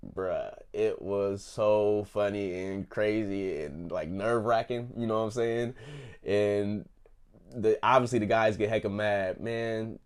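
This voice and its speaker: A man's voice: on the low side, fairly even intonation, a little slow, clear, resonant tone. A young man hosting a casual review, loosely retelling scenes in slang and laughing often. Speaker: host reviewing a TV episode. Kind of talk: casual chat.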